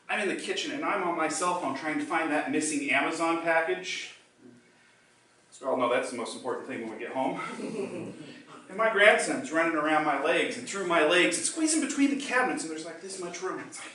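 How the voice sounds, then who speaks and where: Brief: older male public speaker, bright tone, deliberate pauses, distant mic in a reverberant hall. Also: on the high side, slight background noise. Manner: dramatic pauses, slows down for emphasis. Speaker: contest speaker. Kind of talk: storytelling public speech. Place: meeting room or hall.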